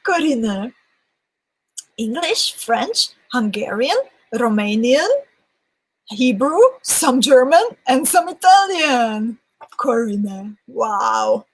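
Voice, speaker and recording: A woman's voice: fairly high pitch, very animated, slow pace, husky, low-quality recording. A woman hosting a live beading session in a casual, chatty way. She reads viewer comments aloud and often laughs between them. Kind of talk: casual livestream chat.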